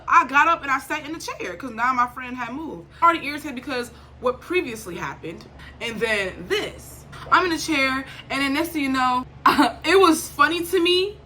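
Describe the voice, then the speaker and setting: A young woman from Liberia telling a storytime vlog in a casual, animated way, acting out quoted lines and swinging between irritation and laughter. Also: high-pitched, normal speed, slight background noise. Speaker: vlogger.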